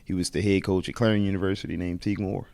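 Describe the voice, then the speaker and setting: A Baltimore man in his thirties, a head wrestling coach, tells lively stories in a podcast interview and acts out the voices he quotes. He's an animated storyteller with a low, gravelly, rapid-fire delivery.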